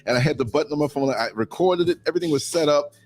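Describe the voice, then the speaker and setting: An American man co-hosting a casual morning online show, telling stories with laughter and sudden high-pitched outbursts. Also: rapid-fire, faint music behind. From United States. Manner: animated storytelling, laughs often, jumps to high pitch. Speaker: co-host. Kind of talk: casual chat.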